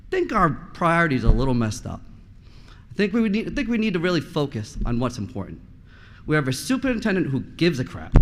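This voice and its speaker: Impassioned man at a meeting microphone. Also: on the high side. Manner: impassioned, blunt, rhetorical questions. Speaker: parent giving public comment. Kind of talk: public comment at a school committee meeting. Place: school committee meeting room. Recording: long reverb in a meeting hall.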